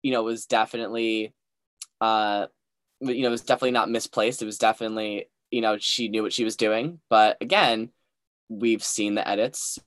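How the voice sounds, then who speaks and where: A man's voice: fairly low pitch, steady tone, moderate pace, fairly bright tone, no room sound. Young man, rambling co-host. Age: young adult. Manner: rambling and hedging, restarts often. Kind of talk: casual recap chat.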